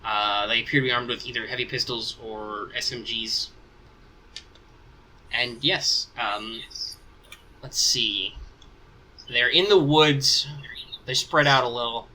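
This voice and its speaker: A man runs a tabletop game as game master, and his voice is strikingly bright and sharp. His pitch sits in an ordinary middle range. He narrates casually and rambles as he thinks aloud. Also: slow, long pauses, a little hiss or hum, rough recording.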